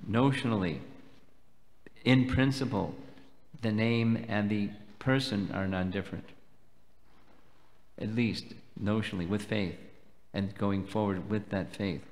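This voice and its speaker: A man giving a devotional lecture at a festival, explaining slowly and deliberately and taking questions. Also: lowish voice. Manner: measured, explanatory, slow and deliberate. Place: temple hall. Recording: long hall reverb.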